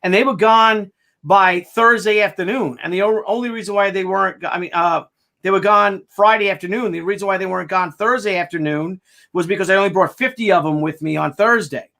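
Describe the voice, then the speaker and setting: A man's voice: high-pitched, fairly quick, vocal fry, sharp tone. An American man hosting a casual crowdfunding update, rambling and joking, often stumbling over his words. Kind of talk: casual chat.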